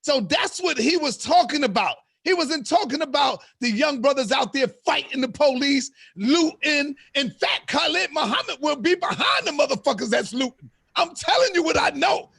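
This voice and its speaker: A man hosting a live-stream debate, loud, profane and preaching. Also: very high voice, animated, normal speed, gravelly, dry recording, clean studio sound. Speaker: host.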